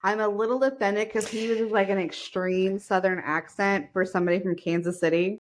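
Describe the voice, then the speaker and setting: A woman co-hosting a podcast in casual chat, joking and swearing as she tells animated stories about her kids and TV shows. She is from the United States. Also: medium pitch, normal speed. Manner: profane, joking, animated storytelling. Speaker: podcast co-host.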